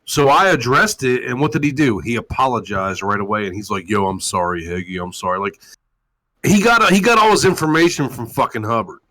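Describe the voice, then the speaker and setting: Animated, cursing male talk-show host. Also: medium pitch, a little fast, no room sound, rough recording. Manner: loud, animated, swearing, mocking impressions. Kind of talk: profane casual rant on a call-in show.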